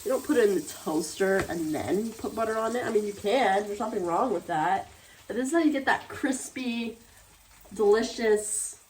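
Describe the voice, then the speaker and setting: A woman's voice: medium pitch, moderate pace, a little mellow. Chatty woman vlogging outdoors, noisy. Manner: chatty, playful, talks to her dog. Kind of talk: casual vlog narration. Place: outdoors on a seaside cliff.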